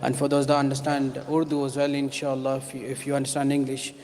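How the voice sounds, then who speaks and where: A man preaching a mournful sermon, chanting and singing the lines and rising to shouts. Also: medium pitch, monotone, fast. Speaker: preacher reciting a lament. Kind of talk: sung, mournful sermon recitation. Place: mosque hall. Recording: long mosque hall reverb.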